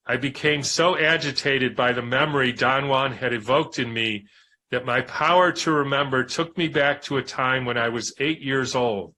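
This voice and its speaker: A man reading a book aloud in a measured, reflective way, pausing for spoken asides. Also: medium pitch, sharp tone. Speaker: reader and commentator.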